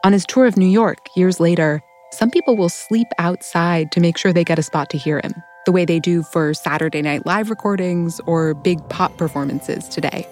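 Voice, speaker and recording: A woman hosting a podcast, giving measured scripted narration. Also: fairly low pitch, a little mellow, faint music behind. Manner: measured, storytelling. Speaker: podcast host.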